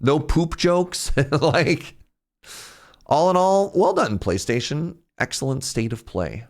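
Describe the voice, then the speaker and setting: A young man chatting casually on a live stream, rambling and jumping in pitch when something excites him. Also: slow, creaky. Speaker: streamer reacting to a game showcase.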